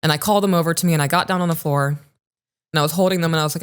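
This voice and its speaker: A woman's voice: deep voice, fairly even intonation, rapid-fire, smooth. A woman in her thirties co-hosting a podcast, telling a personal story in an earnest, reflective way. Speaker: podcast co-host. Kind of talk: casual chat, storytelling.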